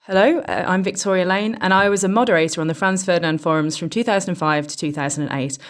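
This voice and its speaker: A woman in her thirties with a slightly low voice talks in a chatty, self-deprecating way in an interview. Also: quick pace. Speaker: interviewee, former fan forum moderator.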